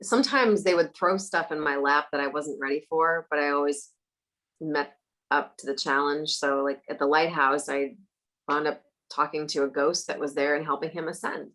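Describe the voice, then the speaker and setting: Guesting on a casual interview, a psychic medium with a deep voice speaks at normal speed, telling lively stories, laughing a lot and imitating the voices of the people involved. The audio is poor.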